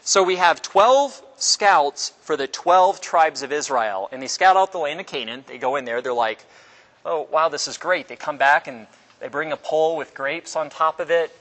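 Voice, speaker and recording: A man's voice: normal speed, a bit bright. A man teaching a Bible class in a conversational way, asking the class questions and acting out quotes. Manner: conversational, asks the class questions, acts out quotes with pitch jumps. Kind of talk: casual Bible class lecture.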